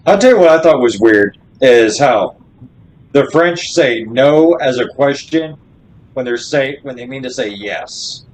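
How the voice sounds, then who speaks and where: A man's voice: medium pitch, lively intonation, unhurried, rough recording. A man in his thirties co-hosting a podcast, telling stories in laid-back, profane casual chat. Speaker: podcast co-host.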